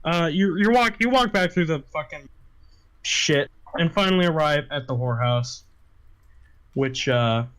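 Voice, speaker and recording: A man's voice: a little high, a bit bright. A man narrating as game master, stumbling over his words with many fillers and restarts.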